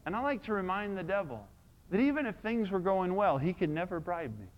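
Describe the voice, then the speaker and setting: A male preacher with a high, very lively voice delivers a sermon. He moves between hushed, intimate stretches and loud shouted praise. The recording sounds dull and lo-fi. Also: a little fast. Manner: animated, swings from soft to shouting.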